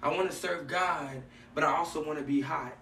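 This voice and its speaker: A man's voice: on the high side, moderate pace, gravelly. A man hosting a casual faith talk, telling stories animatedly and acting out what people said. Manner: animated storytelling, acts out dialogue. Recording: echoey room, mic at a distance, faint noise.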